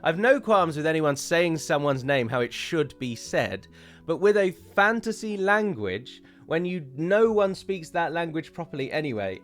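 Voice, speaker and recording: A man's voice: fairly high pitch, a bit bright. A man, chatting casually and with opinions as he reviews a trailer for his viewers, with frequent fillers and self-corrections.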